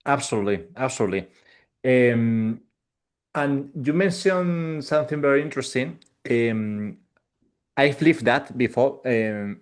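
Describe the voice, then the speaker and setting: Man hosting, careful and unhurried. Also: medium pitch. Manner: measured, with many "um" pauses. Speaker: podcast host. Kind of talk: conversational interview.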